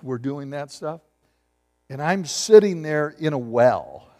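A middle-aged man delivers a sermon with storytelling flair, his voice sitting a little high for a man. He swings between booming emphasis and hushed, confiding asides. Long reverb from the hall trails after every phrase. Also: slow. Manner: animated, shifts from loud bursts to hushed asides. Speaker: pastor.

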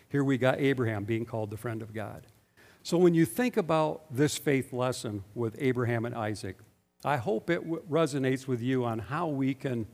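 With a mid-range, darkish-toned voice, a man preaches to his congregation as their pastor. His delivery is emphatic and full of rhetorical questions, heard through a long, echoing hall reverb.

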